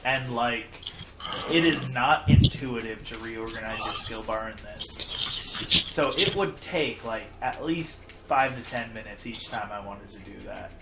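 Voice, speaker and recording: A man's voice: medium pitch, measured pace, very noisy. A man hosting a casual gaming session with friends, chatty and self-deprecating, laughing often. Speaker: host and player. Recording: roomy echo.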